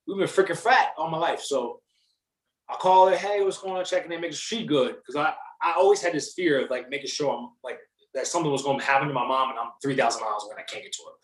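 Animated young guy telling a story, swears a lot, kinda high pitched, roomy echo. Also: fast. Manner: animated, slangy, swears freely. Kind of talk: casual storytelling chat.

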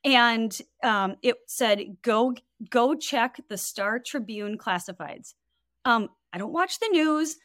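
Chatty woman with a fairly high voice. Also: slow pace, dry recording, clean studio sound. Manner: animated, lots of fillers and quoted voices. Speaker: podcast guest, wellness coach. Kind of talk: casual storytelling chat.

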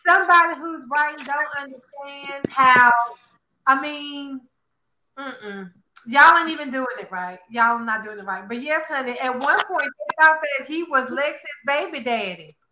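A woman hosting a casual chat, animated and gossipy, calling everyone honey and girl. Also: sits high, unhurried. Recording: roomy echo.

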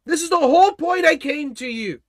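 A man acting out a desperate grieving father who pleads with God in a high, strained, rushed voice. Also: expressive, no room sound, studio quality. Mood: pleading.

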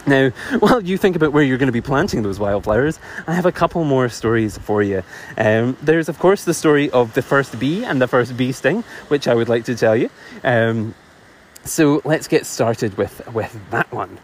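A man telling a myth in a relaxed, chatty way, full of ums and asides. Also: mid-range voice, normal speed, a little hiss or hum. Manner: chatty, digressive, laughs often, many fillers. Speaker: storyteller. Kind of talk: casual oral storytelling.

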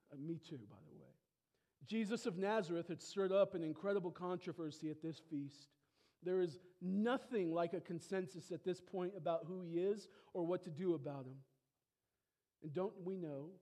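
A male pastor preaching a sermon, emphatic, with rhetorical questions, swinging between loud exclamations and hushed asides. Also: on the high side. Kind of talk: expository sermon.

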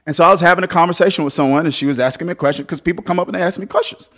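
A man preaching a sermon as pastor, swinging between loud, lively exhortation and softer storytelling. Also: a little high, racing.

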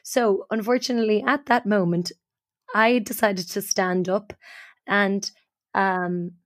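A woman podcast co-host telling a funny personal story in an animated, self-mocking way. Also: medium pitch, unhurried, no echo, clean studio sound. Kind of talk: casual storytelling.

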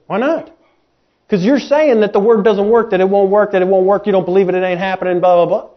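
High-voiced folksy male preacher, lo-fi. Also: quick pace. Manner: folksy, animated, acts out voices of doubters. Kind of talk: sermon.

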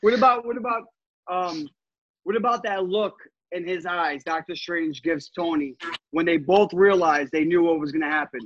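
Husky high-voiced man, casual chat. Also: moderate pace, no echo, muffled recording. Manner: excitable, swears often, laughs a lot. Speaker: podcast co-host.

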